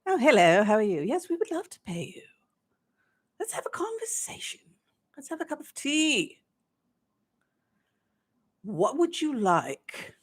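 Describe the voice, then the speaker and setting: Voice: sits high, big pitch swings, measured pace, pauses often, breathy edge, voice pushed up, heavily acted. A livestream host voicing a sly, polite British official who offers tea and asks for a favour. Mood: sly, courteous. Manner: mock-courteous, wheedling.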